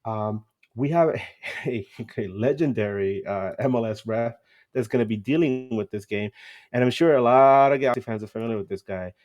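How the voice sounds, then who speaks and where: A man hosting a casual sports podcast, talking through match stats at a middle pitch. He is chatty and loose, laughing easily and filling pauses with "uh" and "um". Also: a little mellow. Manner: chatty, laughs often, many fillers. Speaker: podcast host.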